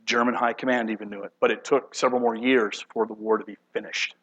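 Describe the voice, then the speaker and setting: A man preaching a sermon dramatically, shifting between loud outbursts and hushed, low passages. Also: fairly even intonation, quick pace, breathy edge, highs cut off. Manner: dramatic, acts out voices of God and angels, swings from loud to hushed. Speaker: pastor.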